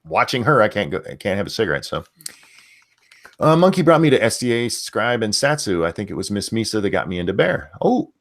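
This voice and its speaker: Low-voiced stammering male streamer. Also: very animated, a little fast, fairly bright tone. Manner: rambling, stammering, profane. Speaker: host reading super chats. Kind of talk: casual livestream chat.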